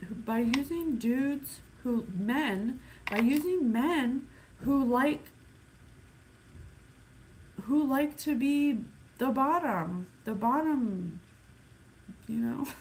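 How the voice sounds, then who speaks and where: A woman giving a casual psychic reading, thinking aloud with sighs and halting pauses. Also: fairly high pitch, animated, a little mellow, low-quality recording. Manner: musing, sighing, thinking aloud; slow, halting, counts things off one by one. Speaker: psychic reader. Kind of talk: casual spirit reading to camera.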